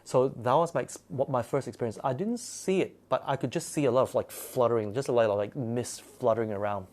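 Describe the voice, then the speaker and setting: Recounting something from his own life, this man talks fairly quickly in a mid-range, darkish voice. He wanders loosely through the tale, stumbling over fillers and starting sentences over again and again.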